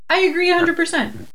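A woman co-hosting a casual chat, teasing her co-host and laughing often in quick banter. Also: very high voice. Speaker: podcast co-host.

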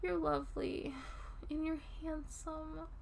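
A woman playing a tipsy, affectionate young girlfriend in an audio role-play, talking softly and intimately and drifting off topic. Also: high voice, level tone, slow, creaky, slight background noise, full character voice. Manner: rambling, giggly, soft and intimate. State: drunk.

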